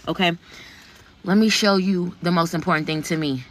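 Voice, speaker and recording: A woman's voice: on the low side, moderate pace, a bit bright, slight background noise. A woman chatting brashly and profanely to her followers in a casual phone video.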